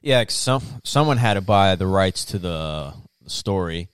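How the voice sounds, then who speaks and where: A man's voice: low voice, animated, normal speed, clear, resonant tone, no echo, clean studio sound. A young man co-hosting a podcast, chatting loosely and profanely and often slipping into mock voices. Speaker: podcast co-host. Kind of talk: casual chat.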